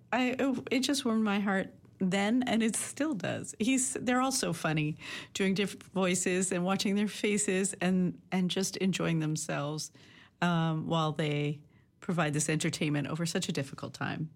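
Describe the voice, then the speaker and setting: A woman hosting a community radio show, talking in a chatty, rambling way with many fillers. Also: medium pitch. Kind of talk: casual radio chat.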